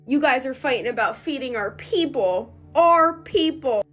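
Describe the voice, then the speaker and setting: Brief: woman, higher voice, indignant, faint music behind. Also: expressive, moderate pace.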